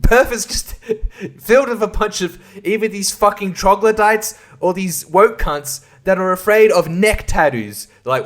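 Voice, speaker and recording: A man's voice: high-pitched, animated, a little slow. A man hosting a podcast, riffing in a crude, irreverent comic monologue and laughing at his own jokes. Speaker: podcast host. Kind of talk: casual comedic monologue.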